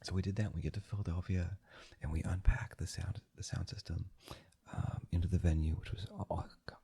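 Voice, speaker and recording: A young man rambling softly in a whispered ASMR video, meandering and correcting himself, recorded on two microphones panned ear to ear. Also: low-pitched, steady tone, a little fast, vocal fry, breathy edge. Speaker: ASMR channel host. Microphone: two microphones in stereo, ear to ear.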